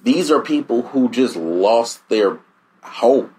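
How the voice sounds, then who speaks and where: A man's voice: medium pitch, expressive, slow, darkish tone, a little hiss or hum. A man with a Bay Area accent hosting a casual podcast, slangy and laughing often. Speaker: podcast host.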